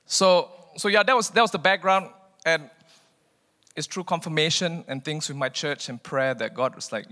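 A man telling his personal faith testimony in an animated way, acting out the dialogue in his story. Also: a little high, normal speed, long reverb tail. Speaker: speaker sharing testimony.

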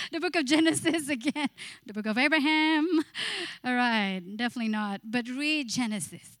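High-voiced woman preaching a lively sermon. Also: no room sound, clean studio sound. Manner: passionate, acts out inner voices, sings briefly. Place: church.

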